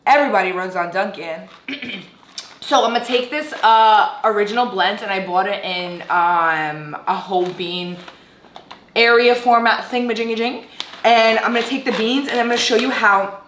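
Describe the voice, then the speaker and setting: A woman's voice: mid-range voice, fairly bright tone, roomy sound, slight background noise. A young woman from Brooklyn, New York, reviewing coffee in a casual, rambling vlog and teasing herself now and then. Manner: rambling and self-teasing, with sing-song greetings. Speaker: vlogger reviewing food and coffee.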